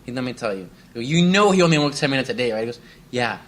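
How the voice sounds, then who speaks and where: A man's voice: mid-range voice, lively intonation, very fast. A young man co-hosting a casual chat, rambling through workplace stories and acting out his coworkers' lines with lots of laughter. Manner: rambling storyteller, acts out quoted coworkers, laughs often. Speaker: podcast co-host.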